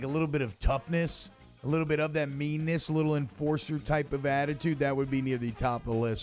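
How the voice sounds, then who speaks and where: A man hosting sports talk radio, chatty and energetic, with loose casual banter. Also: medium pitch.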